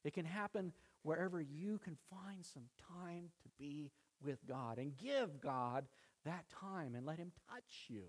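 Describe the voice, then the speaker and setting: A man preaching a sermon to his church, building emphasis through repeated phrases and easing into quiet prayer. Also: on the high side, slightly rough. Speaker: pastor.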